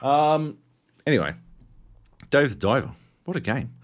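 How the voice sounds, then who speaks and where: Lively, swearing Australian man. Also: unhurried. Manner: animated, swearing storyteller, jumps high in pitch for quoted outbursts. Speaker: podcast co-host. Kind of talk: casual chat.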